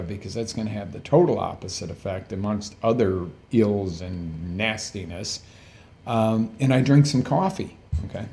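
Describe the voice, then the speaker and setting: A man's voice: lowish voice, vocal fry, mellow. A man hosting a live health coaching show, chatty, peppering the viewers with questions and correcting himself as he goes. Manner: chatty, asks the audience many questions, self-corrects. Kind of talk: casual live-stream talk.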